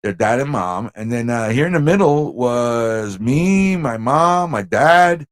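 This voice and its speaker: New York man telling a lively story. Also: mid-range voice, takes it slowly, no room sound. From Corona, Queens, New York. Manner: animated, acts out quoted voices, laughs often. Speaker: livestream host. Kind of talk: casual storytelling.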